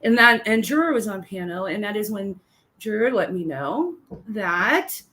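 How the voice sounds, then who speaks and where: A woman's voice: mid-range voice, sing-song, moderate pace, sharp tone. A woman co-hosting a livestream, chatting casually and rambling, with free swearing. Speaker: livestream co-host.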